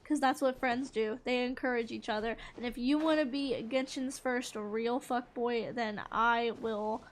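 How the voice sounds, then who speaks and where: Bubbly high-voiced woman gamer. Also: steady tone, unhurried, slight background noise. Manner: bubbly, giggly and chatty, talking to viewers. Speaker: gaming streamer. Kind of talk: casual gameplay commentary.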